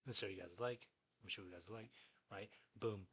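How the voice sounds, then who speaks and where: A young man with a husky, breathy voice tells a story in casual vlog fashion. He is animated and profane, and he keeps jumping into side remarks before getting back on track. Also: fairly low pitch, a little fast. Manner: animated, profane, jumps between asides. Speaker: vlogger.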